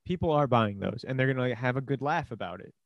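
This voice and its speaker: A man from Queens, New York, co-hosting a podcast in casual chat, teasing and bantering, and he gets loud when he argues back. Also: medium pitch, expressive, fast talker, dry recording, highs cut off. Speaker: podcast co-host.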